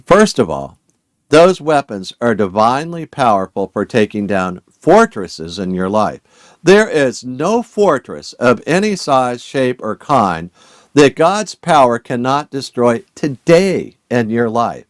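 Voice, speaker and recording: A man's voice: medium pitch, sing-song, takes it slowly, no room sound. A man teaching a Bible study as a sermon, earnest and urging, asking his listeners many rhetorical questions.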